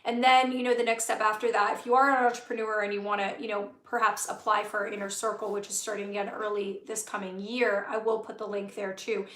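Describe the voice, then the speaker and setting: A woman's voice: mid-range voice, level tone, fast talker, few pauses, a bit bright, reverberant. A woman hosting a live-stream talk as a spiritual business coach, speaking earnestly with many fillers and repeated phrases.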